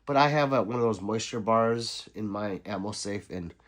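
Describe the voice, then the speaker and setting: A man's voice: lowish voice, moderate pace. A middle-aged man who is sick, hosting a casual livestream and reading viewer comments aloud with laughs and sarcastic asides. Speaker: livestream host reading chat.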